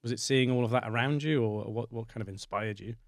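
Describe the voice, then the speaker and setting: A man's voice: medium pitch, fairly quick, no echo, studio quality. A man in his forties hosting a podcast interview, asking long, rambling questions. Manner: rambling, uses many fillers. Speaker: podcast host.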